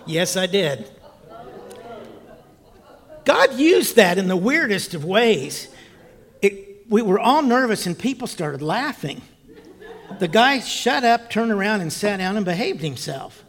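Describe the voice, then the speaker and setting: A man preaching, telling a personal story in a lively, animated way with loud bursts and quiet asides. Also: sits high, takes it slowly, long pauses. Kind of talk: storytelling sermon.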